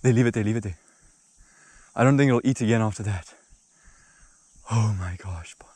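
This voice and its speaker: A young man from Zimbabwe filming himself fishing at a small dam, talking casually and excitedly, shouting out at one moment and murmuring the next. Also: fairly low pitch, fast talker, no room sound. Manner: excitable, exclaims and drops to murmurs. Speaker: angler vlogger. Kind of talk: casual outdoor fishing vlog. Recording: outdoor recording with faint background noise.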